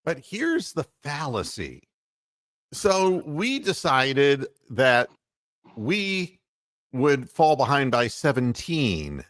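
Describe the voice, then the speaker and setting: Brief: male sports-talk host, rambling and fired up, lively voice, dry close recording. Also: medium pitch, drawn-out words, no room sound. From Ohio. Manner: rambling, heated, full of fillers and mocking quotes. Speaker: podcast host.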